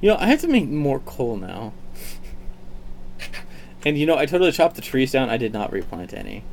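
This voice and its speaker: A man's voice: mid-range voice, huge pitch swings, moderate pace, a little mellow. A man hosting a casual gaming stream, joking around and giving mock-serious lectures. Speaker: streamer host.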